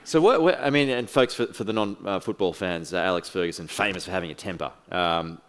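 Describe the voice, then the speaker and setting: Guy hosting a stage chat, lowish voice, calm measured questions, little asides to the crowd. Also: smooth. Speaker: interviewer. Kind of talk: moderated fireside chat.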